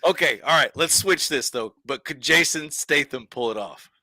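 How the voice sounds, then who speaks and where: Lively, bright-voiced joking man. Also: fairly high pitch, moderate pace, vocal fry, no room sound. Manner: joking, playful teasing. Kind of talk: casual stream chat.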